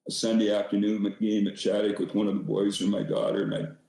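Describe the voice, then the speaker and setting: A man's voice: lowish voice, level tone, brisk, warm tone, heavy reverb, rough recording. An older man, a former hockey coach, telling rambling stories as a podcast guest with many restarts. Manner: rambling, self-deprecating, frequent restarts. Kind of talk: casual storytelling.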